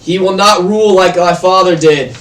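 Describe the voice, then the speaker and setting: A man's voice: mid-range voice, fairly even intonation, slow, fairly bright tone. A man voicing the new king's proud brother, a grand orator warning a crowd. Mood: proclaiming. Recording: echoey room, distant mic.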